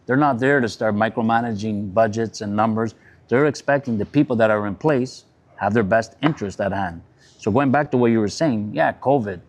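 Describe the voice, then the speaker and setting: A man speaking calmly and in a measured way as a candidate guest, using folksy comparisons. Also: fairly low pitch. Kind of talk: casual interview chat.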